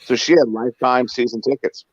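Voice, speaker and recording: A man's voice: mid-range voice, fairly quick, no echo. A man telling casual stories in a chat, acting out the lines of the people in them. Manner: animated, acts out dialogue in quotes. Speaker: co-host, former cab driver. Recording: dull lo-fi dry sound.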